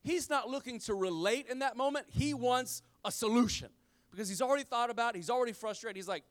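A middle-aged man, a pastor, giving a sermon in a casual style with slang, swinging between loud emphasis and hushed, low lines. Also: fast.

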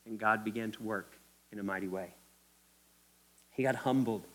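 A man's voice: on the low side, normal speed, a bit bright. A man from Kentucky with a Kentucky accent, preaching a sermon as a pastor in a church, repeating key phrases with emphasis and speaking straight to the congregation. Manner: emphatic, repetitive, addresses the congregation directly.

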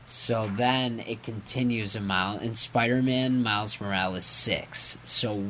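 A man's voice: lowish voice, steady tone, unhurried, fairly bright tone, a little hiss or hum. A man co-hosting a podcast, casually recapping a comic with lots of fillers and self-corrections, acting out characters' lines. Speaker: podcast co-host.

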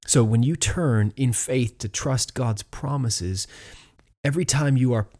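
A man's voice: mid-range voice, measured pace, darkish tone. A man giving an earnest teaching talk on doctrine, explaining ideas step by step with frequent fillers and restarts, and reading verses aloud.

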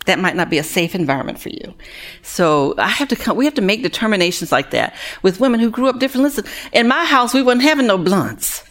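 A woman who runs a women's recovery ministry, telling animated, heartfelt stories to an audience. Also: mid-range voice. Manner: animated, acts out other people's voices; earnest and heartfelt, drops quieter on sad moments. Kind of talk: storytelling talk to an audience.

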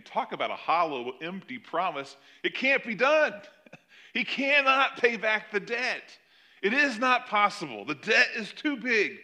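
A middle-aged man preaching a sermon, telling the story with animated swings between loud emphasis and quiet asides. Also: high-pitched, unhurried. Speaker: pastor.

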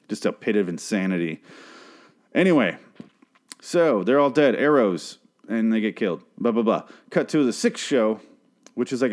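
A man recapping a TV episode in a casual monologue, rambling and profane, breaking off to act out the characters' lines in animated voices. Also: lowish voice. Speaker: show recapper.

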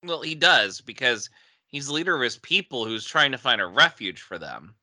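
A man's voice: mid-range voice, sing-song, moderate pace, sharp tone, no room sound, studio quality. A man chatting casually as a podcast co-host, often laughing and stumbling over repeated words. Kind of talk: casual chat.

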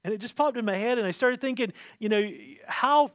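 A man preaching a sermon, animated, often repeating words as he swings between quiet asides and loud emphasis. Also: very high-pitched, a little fast, no echo, clean studio sound.

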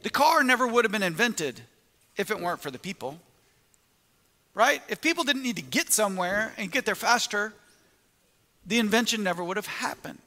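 A man's voice: high-pitched, animated, normal speed, pauses often, bright, forceful tone, in a large hall. A man preaching a sermon, telling a story with quoted asides and frequent restarts.

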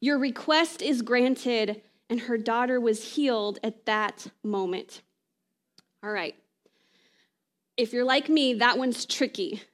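A woman preaching a conversational sermon, often checking in with "right?" and slowing down to read scripture aloud. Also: on the high side.

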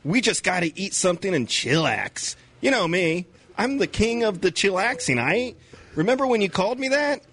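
A man's voice: high voice, very animated, moderate pace, a bit bright, pitched above the performer's own voice, full character voice. A man playing a clingy, lonely young man who insists he is popular, in an eager, overly sweet comedy sketch voice. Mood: coaxing.

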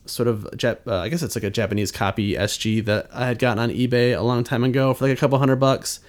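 A man in his thirties, a podcast guest, talking hesitantly and modestly with lots of pauses. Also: mid-range voice, fairly even intonation. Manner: hesitant, self-deprecating, many fillers. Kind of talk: casual chat.

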